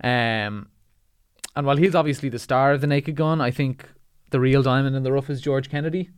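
Smooth-voiced man discussing films. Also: mid-range voice, brisk, no room sound, studio quality. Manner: analytical, restarts sentences, laughs at jokes. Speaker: podcast co-host. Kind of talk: casual film discussion.

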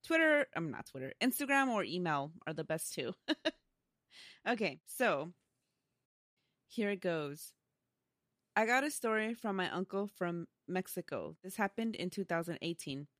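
A woman's voice: on the low side, sing-song, a little slow, long pauses, a bit bright, no room sound, studio quality. A woman co-hosting a casual spooky-story podcast, chatting and laughing often as she reads a listener's story aloud. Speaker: podcast co-host.

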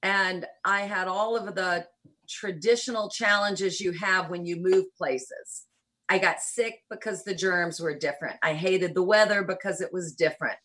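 A woman's voice: on the low side, normal speed, fairly bright tone. An older woman from rural Kentucky with a faint Southern accent, telling stories in a reflective, lightly humorous interview. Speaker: interview guest, church missionary. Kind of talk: conversational interview.

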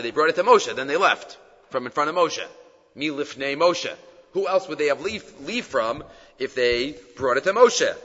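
A man teaching a Torah class as a rabbi, an animated storyteller who mixes Hebrew phrases into his English. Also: fairly high pitch, big-room sound, lo-fi sound. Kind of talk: Torah class with retold stories.

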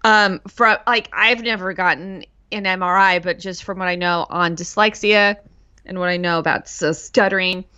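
A woman's voice: on the low side, steady tone, normal speed, bright, forceful tone, smooth, highs cut off. A woman who stutters, speaking in a casual interview and catching on the starts of words, with many fillers. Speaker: guest speaker on stuttering and dyslexia.

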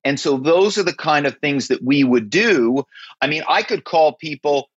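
A man telling stories as an interview guest, emphatic and animated, often checking in with "right?". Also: fairly high pitch, normal speed, breathy edge, dry recording. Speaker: guest, former actor and corporate spy. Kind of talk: interview conversation. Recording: slightly dull, dry.

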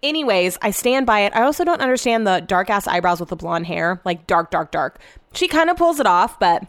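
A woman's voice: medium pitch, very animated, fairly quick, dry recording. A young woman from the United States talking casually to her viewers, rambling and chatty with lots of filler words and casual swearing. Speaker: vlogger.

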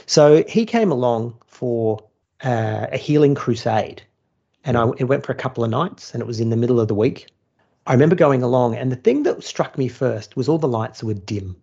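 A man tells a story in loose podcast chat, blunt and animated, dropping swear words. His voice is gravelly with a husky edge. The audio sounds a little dull and lo-fi. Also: mid-range voice, normal speed. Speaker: former churchgoer turned atheist, storyteller.

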